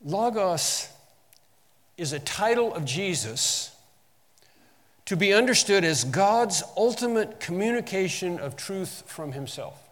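A Bible teacher delivers a sermon in a voice a little high for a man, slow and fairly bright, with big pitch swings. He stresses the verses he quotes and often restarts his phrases. A long reverb makes it sound like a large hall.

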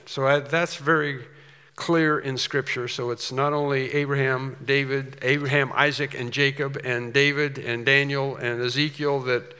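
A man preaching a sermon in a conversational way, often restarting his sentences and slowing down to read scripture with weight. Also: medium pitch, flat delivery, bright, forceful tone, clean tone. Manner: conversational, with repeated restarts and dramatic slowed scripture reading. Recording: long hall reverb.

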